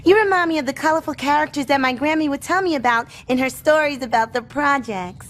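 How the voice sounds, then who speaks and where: An actress voicing a polite, slightly posh young girl in an animated sitcom. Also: high voice, fast, natural voice. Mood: sweet. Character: sweet, prim young homeless girl from uptown.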